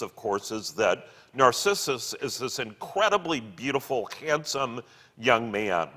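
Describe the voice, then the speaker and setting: A man retelling and explaining a book chapter in an animated way, acting out the quotes. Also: mid-range voice, a little slow. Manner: animated, acts out quoted lines. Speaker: teacher of a literature series. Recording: long hall reverb.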